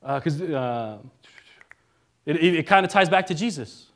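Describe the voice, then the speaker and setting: A male minister giving a relaxed, conversational sermon, joking now and then and often checking in with the congregation. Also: on the high side, unhurried. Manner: casual and joking, keeps asking the congregation "right?".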